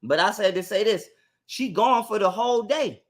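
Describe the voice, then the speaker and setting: A man telling a story in casual chat, animated and profane, getting heated as he goes. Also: sits high, normal speed.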